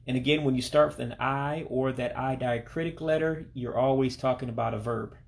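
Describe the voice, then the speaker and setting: Narrating over pictures and on-screen text instead of appearing on camera, a language teacher from Alabama in the United States leads a recorded lesson. His voice is gravelly with vocal fry, ordinary middle pitch, and a steady tone. He moves patiently, saying each word slowly and carefully and repeating it.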